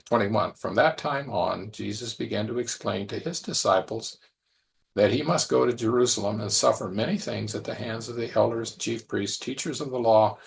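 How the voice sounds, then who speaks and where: A man's voice: fairly low pitch, creaky, slight background noise. A man preaching a conversational sermon, musing aloud and repeating phrases as he reflects.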